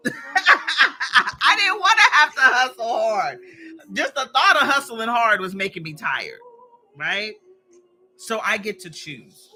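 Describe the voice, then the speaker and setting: Woman, chatty encouraging live host, casual motivational talk, bright voice, animated. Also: a little high. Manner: chatty and encouraging, talks straight to viewers. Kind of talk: casual motivational chat while arranging flowers.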